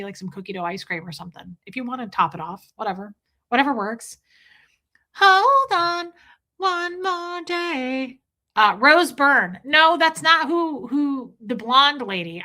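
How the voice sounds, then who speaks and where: With a mid-range voice and a sharp tone, this woman hosts a livestream where she chats casually with her audience and reads their comments. She gushes exclaimingly over beloved films and quotes their lines.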